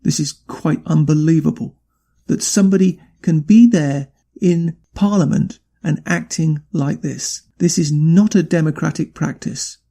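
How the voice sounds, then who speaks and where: A man's voice: on the high side, measured pace, mellow. A man hosting a podcast, delivering an indignant, emphatic political rant. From not from Canada. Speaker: podcast host. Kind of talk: angry political commentary.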